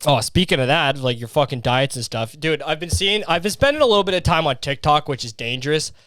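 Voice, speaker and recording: A man's voice: fairly high pitch, animated, quick pace, fairly bright tone, dry recording, studio quality. A young man hosting a solo comedy podcast, ranting profanely and acting out voices while sweating in a heatwave. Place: his hot bedroom.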